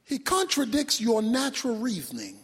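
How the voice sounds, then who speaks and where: A man preaching a sermon as pastor, swinging from loud shouts down to near-whispers. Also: extremely high pitch, huge pitch swings, normal speed. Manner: preaching with sudden shouts and drops to a hush. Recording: long hall reverb.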